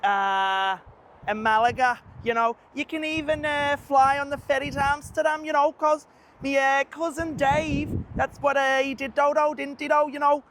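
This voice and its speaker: Chatty Scouse lad, high and sing-song, rambling along, as a vlogger puts him on, faint street noise behind. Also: male voice, steady tone, moderate pace, a bit bright. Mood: cheeky. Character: cheeky chatty Liverpool lad. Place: outdoors by a busy airport.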